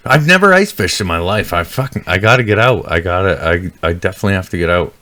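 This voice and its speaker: A man's voice: low voice, lively intonation, fast, sharp tone. A man in casual chat, mostly chiming in with short agreements and jokes.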